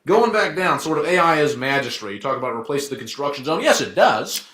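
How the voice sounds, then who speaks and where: A man arguing his side in a debate as a lawyer, in a joking and rhetorical way with quick asides. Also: a little high, big pitch swings, a bit bright. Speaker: debater, law firm associate. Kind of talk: informal debate argument. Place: event room. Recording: echoey room.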